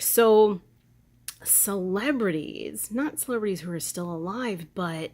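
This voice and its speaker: Chatty woman vlogger, slightly low voice. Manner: chatty, rambling, gossipy. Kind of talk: casual chat.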